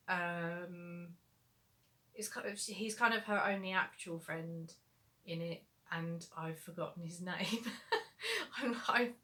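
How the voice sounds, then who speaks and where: Chatty woman with a bright, low voice. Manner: rambling, chatty, with frequent fillers. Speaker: author answering viewer questions. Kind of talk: casual livestream Q&A.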